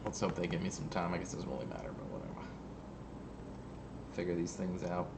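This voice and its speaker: Low-voiced goofy male co-caster. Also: lively intonation, fairly quick, creaky, heavy background noise. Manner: goofy, playful, self-mocking. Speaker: stream co-caster. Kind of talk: casual esports stream banter.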